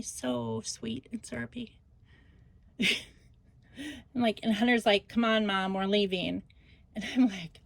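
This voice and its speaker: A woman's voice: mid-range voice, moderate pace, no room sound. An older woman and grandmother, hosting a scrapbooking channel, rambling through a family story in a casual vlog. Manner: rambling, animated retelling of a family argument.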